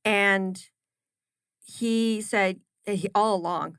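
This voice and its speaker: A woman's voice: fairly low pitch, moderate pace, creaky, dry recording. A woman, a chef and business owner, telling stories in a casual podcast interview with emphatic repetitions. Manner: animated storyteller, emphatic repetitions.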